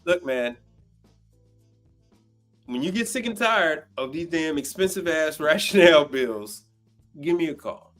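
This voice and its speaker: Blunt, animated man ranting on a livestream. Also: fairly high pitch, moderate pace, soft background music. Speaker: livestream host. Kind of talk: casual profane rant.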